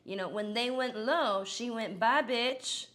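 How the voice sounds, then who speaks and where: A woman's voice: fairly high pitch, a little slow, fairly bright tone. A woman impersonating a middle-aged female politician as a satirical news anchor, cackling with laughter between crude punchlines. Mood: joking.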